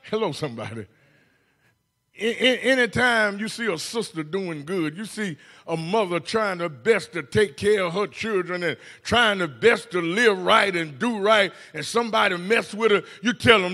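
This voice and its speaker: A male preacher with a very high, bright voice and a husky edge delivers a sermon in a church. He shouts in bursts, stumbles over repeated words and keeps calling out to the congregation. His pitch swings widely from line to line. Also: expressive, moderate pace. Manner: calls "hello, somebody" to the congregation. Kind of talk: Mother's Day sermon. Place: church sanctuary.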